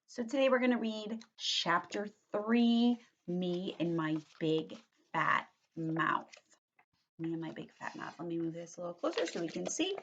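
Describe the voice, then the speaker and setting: Woman teacher, read-aloud lesson for young kids, animated, patient, muffled lo-fi sound. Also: lowish voice. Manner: animated, explains slowly with questioning tags.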